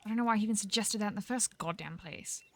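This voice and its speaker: A woman voicing a blunt, foul-mouthed frontier ranch woman who talks briskly. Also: mid-range voice, lightly acted. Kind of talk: Western role-play.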